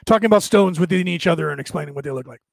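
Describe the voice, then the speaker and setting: A man with a fairly high voice talks to his viewers in a casual, rambling way. He keeps checking in with "right?" The sound is dry and close. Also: racing, vocal fry, dry recording. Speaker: spiritual talk host answering viewers. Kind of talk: casual storytelling and explanation.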